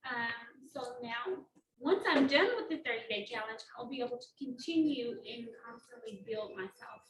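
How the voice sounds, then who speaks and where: A woman at a workshop with a small, high voice, speaking in a shy, earnest way. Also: moderate pace, reverberant, recorded from a distance, slight background noise, poor audio. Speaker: workshop participant.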